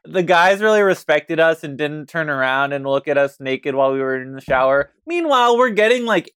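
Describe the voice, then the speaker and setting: A man guesting on a podcast in casual chat, animated with quick asides. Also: a little high, clean tone, no echo, clean studio sound.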